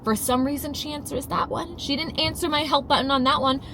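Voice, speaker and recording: A young woman vlogging from inside her car, telling a story in a dramatic, animated way and swearing casually. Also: high-pitched, a little fast. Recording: car cabin with clear road noise.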